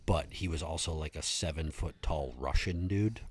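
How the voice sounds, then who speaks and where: A man's voice: a bass voice, normal speed, breathy edge. A man co-hosting a podcast, telling stories in a casual, profane way on a close mic. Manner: storytelling, profane, laughing. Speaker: podcast co-host. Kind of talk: casual chat.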